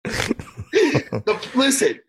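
A man co-hosting a casual chat, excitedly retelling a movie scene, swearing freely and breaking into loud laughter. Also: extremely high pitch, very slow, slightly rough. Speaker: podcast co-host.

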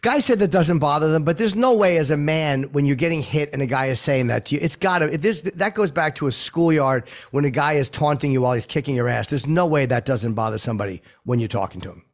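A man's voice: a little high, fast, hardly any pauses. Inquisitive male podcast host. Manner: inquisitive, probing questions. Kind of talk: casual interview.

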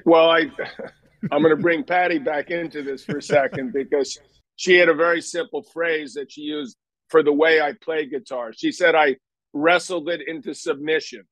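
A man's voice: a little high, a bit bright, poor audio. An older man telling stories in a casual interview, rambling and self-deprecating with many restarts. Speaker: guest.

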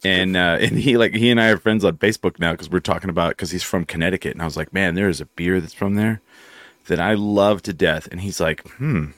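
A middle-aged man hosting a casual talk show, telling animated anecdotes and swearing freely. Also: low voice, fairly quick, no room sound. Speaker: podcast host. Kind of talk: casual chat, storytelling.

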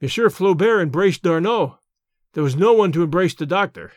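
A male audiobook narrator tells the story in steady, clear, scripted narration. His voice sits high for a man. The sound is dry and close, with no room echo. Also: normal speed.

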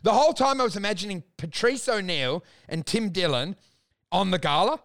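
A man's voice: sits high, animated, a little fast, gravelly, fairly bright tone. A man telling comedy stories in casual podcast chat, profane and exasperated, acting out the people he quotes.

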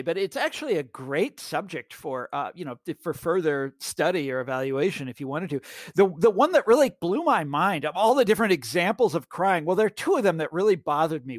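An American man with a notably high voice, recorded close and dry with no room sound. He is middle-aged and talks loosely as a podcast guest, circling back and restarting his sentences, sometimes chuckling at his own stories. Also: no echo. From United States. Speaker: guest writer. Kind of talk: casual podcast interview.

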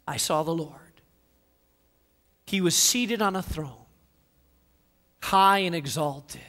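A man preaching a dramatic sermon, swinging from soft passages to loud declarations. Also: a little high, slow, big-room sound. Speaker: pastor.

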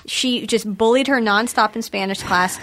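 A woman's voice: fairly high pitch, normal speed, fairly bright tone. A young woman in casual podcast chat, talking in an emphatic, gossipy way.

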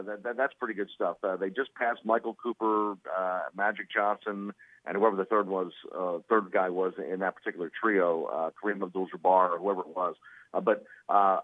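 A male sports broadcaster, a guest on a radio show, chatting quickly over the phone with many fillers and laughs. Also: on the low side, no room sound. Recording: tinny phone line.

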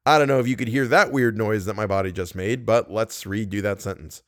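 A man's voice: fairly low pitch, a little fast, few pauses, no room sound, clean studio sound. A man reading a story aloud for his podcast, stopping to grumble at his own slips. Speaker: podcast host and reader.

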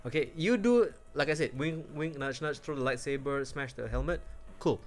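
A man's voice: medium pitch, normal speed. A man co-hosting a podcast, chatting casually about a film in a rambling, profane way. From outside Europe. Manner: rambling, profane, laughs often. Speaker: podcast co-host. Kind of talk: casual movie review chat.

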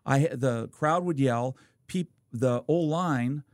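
A man's voice: mid-range voice, slow pace, no room sound, clean studio sound. A man in his sixties, a former quarterback, co-hosting a podcast and telling rambling anecdotes from his playing days. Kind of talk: casual storytelling chat.

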